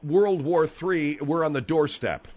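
A man's voice: fairly high pitch, measured pace, a little mellow. A man hosting a comedy talk radio show, interrupting and indignant with his caller.

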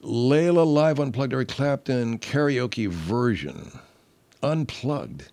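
A middle-aged man hosting a podcast, rambling and profane, clearing his throat often. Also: mid-range voice, expressive, slow pace. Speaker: podcast host. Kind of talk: casual comedic monologue.

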